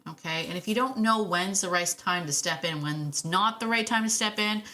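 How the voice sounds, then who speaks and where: A woman's voice: medium pitch, normal speed, bright, forceful tone. A woman hosting a podcast about dog training, talking in a chatty, enthusiastic way with lots of "right?" asides. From Canada. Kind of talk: casual podcast monologue.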